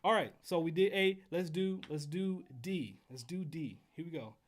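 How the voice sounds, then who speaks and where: A man hosting a casual livestream trumpet lesson from home, counting in exercises and chatting with viewers in a relaxed way. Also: on the high side, normal speed. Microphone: headphones while streaming.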